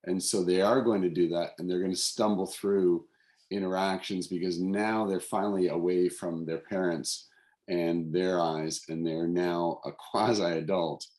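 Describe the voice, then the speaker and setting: A man's voice: deep voice, fairly even intonation, a little mellow. A man hosting an interview, talking casually and thoughtfully, with frequent halts and restarts. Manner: halting, many restarts, thoughtful. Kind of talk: casual conversation. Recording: roomy echo.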